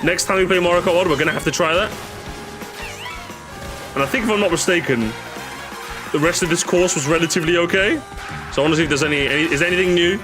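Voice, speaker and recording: A male streamer reacting live to game replays, chatty and excitable, rambling with many restarts. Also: a little high, fast, long pauses, music in the background.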